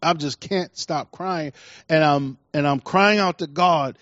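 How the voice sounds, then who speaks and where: A middle-aged male preacher with a somewhat high voice delivers a sermon, repeating his key lines for emphasis. He swings from quiet, intimate passages to loud, pressing ones. The recording is dry and slightly muffled. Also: a little slow, no room sound.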